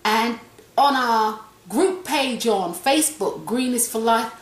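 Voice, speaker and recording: With a slightly high voice, a woman leads a relaxed home cooking demonstration at a slow pace. Talking as she eats, she chats freely and circles back to the same phrases, while the kitchen adds echo and a faint hum of noise.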